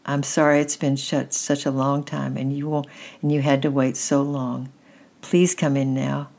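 A woman's voice: a bass voice, little pitch movement, normal speed, vocal fry, a little mellow, full character voice. A woman reading a frightened, cold little mountain girl in a small, shaky, pleading voice. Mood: prayerful.

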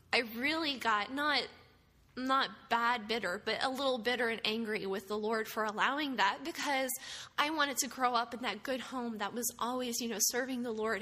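A woman from the United States, a missionary speaker, giving an earnest, emotional personal testimony with soft laughs. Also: a little high, a little hiss or hum. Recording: long hall reverb, faint ambience.

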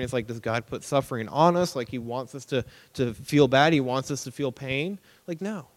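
A young man giving a casual, conversational sermon as a preacher, animated and acting out everyday reactions. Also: medium pitch. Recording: long hall reverb.

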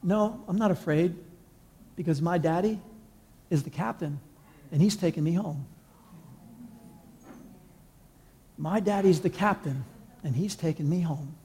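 A man voicing a quiet, calm little girl. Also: a little high, normal speed, breathy edge.

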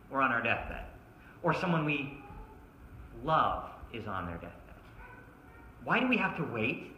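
At a church service, a pastor with a high-pitched, pushed and bright voice preaches emphatically, firing one rhetorical question after another at his listeners. The recording carries a roomy echo.

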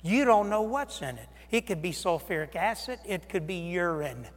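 Male preacher, higher voice, dramatic sermon delivery with loud and hushed swings, reverberant sanctuary sound. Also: moderate pace. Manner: animated, acts out voices of Jesus and disciples, swings loud and soft.

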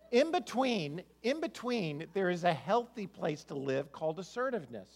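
A man's voice: sits high, big pitch swings, moderate pace, few pauses. A man preaching a sermon as pastor, talking in a conversational way and often repeating the first words of a sentence.

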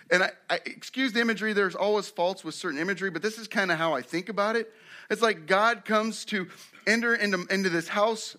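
A man preaching a sermon as pastor, animated, acting out quotes with sudden rises and drops in loudness. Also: sits high.

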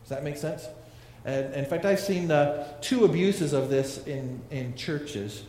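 A pastor delivers a sermon in a slightly high voice, talking to his congregation and throwing questions at them. His words ring through a large echoing room with a long reverb tail and a faint hum of ambience behind. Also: measured pace, mellow. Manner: conversational preaching, asks the congregation questions. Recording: echoey hall with long reverb.

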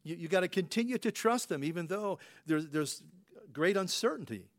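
A man with a high voice and lively intonation preaches at normal speed. As a pastor, he keeps the sermon folksy and conversational, asking rhetorical questions and saying "you know" frequently.

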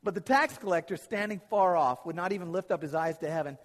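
Preacher, male, slightly high voice, tells scripture stories and voices the quotes; reverberant hall. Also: fast. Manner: retells Bible stories, acting out the quotes. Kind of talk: sermon.

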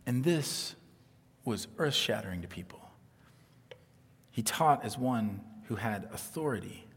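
Guy pastor preaching, earnest, goes quiet to make a point, long church echo. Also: mid-range voice, lively intonation, unhurried, slightly rough. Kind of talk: sermon.

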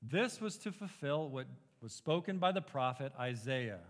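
A man's voice: medium pitch, expressive, normal speed, in a large hall. A man preaching an expository sermon as a pastor, earnest and emphatic, pushing his rhetorical questions upward.

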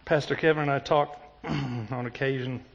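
A man's voice: mid-range voice, fairly even intonation, moderate pace, dull audio. A man preaching a sermon as pastor, telling stories and building to impassioned emphasis.

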